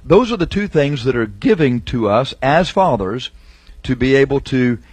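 A middle-aged male preacher delivers an emphatic sermon, drawing out key words when he reads scripture. His voice is husky and sits at an ordinary pitch. The sound is dry and close. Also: big pitch swings, darkish tone, dry recording. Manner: emphatic, slows down to stress scripture phrases.

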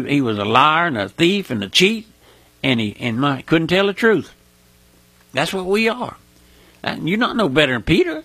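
A man preaching a fiery sermon, emphatic and repetitive, who cries out in sudden high bursts. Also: sharp tone, breathy edge.

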